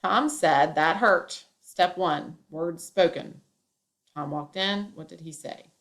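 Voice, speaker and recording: Woman, teacher, classroom grammar lesson, step-by-step, somewhat low voice. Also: slow. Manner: step-by-step, acts out example lines with emphasis.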